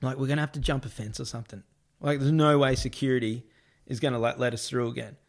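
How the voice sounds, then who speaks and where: On a podcast, a man casually spins a long anecdote, laughing a lot and voicing the other people in a higher pitch, peppering it with "I'm like" asides. He talks fast with fairly even intonation.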